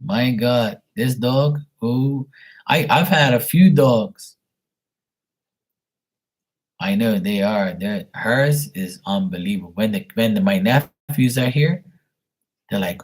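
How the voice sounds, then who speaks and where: Husky-voiced man chatting on a late-night stream. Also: lowish voice, a little slow, pauses often. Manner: rambling, chatty and teasing, talks to viewers by name. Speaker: livestream host reading paid questions. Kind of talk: late-night casual livestream chat to viewers.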